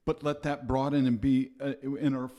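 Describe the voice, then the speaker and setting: An older man, a podcast guest, talking reflectively and haltingly, often repeating words as he starts a sentence. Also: mid-range voice, flat delivery, mellow. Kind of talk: reflective conversational talk.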